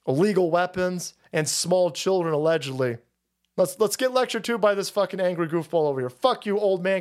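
A high-voiced man hosts a livestream in a foul-mouthed, sarcastic rant. His pitch leaps around animatedly as he rambles and mocks. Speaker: streamer host. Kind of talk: profane political rant with ad reads.

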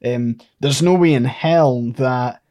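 A man's voice: medium pitch, slow, dark tone. A man with a Scottish accent, co-hosting a casual podcast and talking earnestly. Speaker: podcast co-host.

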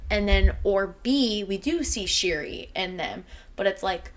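A woman's voice: mid-range voice, animated, unhurried, a little hiss or hum. A young woman co-hosting a laid-back fan podcast. She rambles along with lots of "like" fillers, and her voice carries real feeling as she talks. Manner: chatty, lots of "like" fillers, emotional. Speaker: podcast co-host. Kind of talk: casual fan podcast chat.

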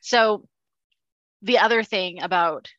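Forceful-toned playful woman podcast co-host. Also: medium pitch, slow pace, no room sound, highs cut off. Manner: playful, teasing. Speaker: podcast co-host, beer educator. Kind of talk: casual podcast chat.

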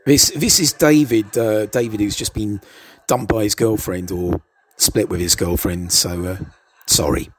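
A man's voice: lowish voice, unhurried, husky. A man giving casual, hesitant commentary over an old TV show, stammering and adding chuckling asides.

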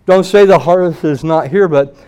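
A man preaching at a church meeting, his voice sitting a little higher than most men's. He tells a story as he preaches and acts out the people in it, jumping up loud for the quoted lines. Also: normal speed, clear, resonant tone. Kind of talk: sermon with storytelling.

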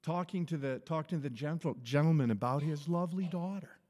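Speaking fairly quickly in a slightly high voice with a dark tone, this pastor tells stories conversationally during an informal sermon. Long hall reverb surrounds him as he chuckles and keeps restarting phrases.

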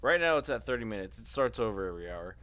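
A man's voice: fairly low pitch, very animated, quick pace, fairly bright tone. A man joking around and cursing as a guest on a casual podcast. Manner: joking, profane.

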